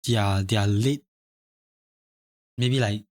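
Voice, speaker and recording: A young man from Singapore, his voice on the low side and darkish, draws out his words as he casually chats on a live stream. He reads chat aloud, rambles, repeats himself and chuckles often. The recording is dry.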